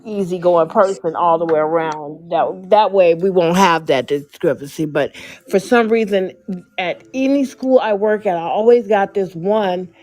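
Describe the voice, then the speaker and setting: A woman from the United States chatting casually on a podcast, an animated storyteller who acts out what other people said. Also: on the low side, moderate pace. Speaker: podcast co-host, school teacher. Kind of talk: casual chat.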